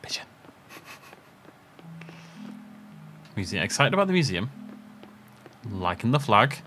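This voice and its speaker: A man's voice: medium pitch, very animated, slow, pushed and bright, faint music behind. A man hosting a let's play, commenting casually on a farming game with rambling, self-interrupting asides and chuckles.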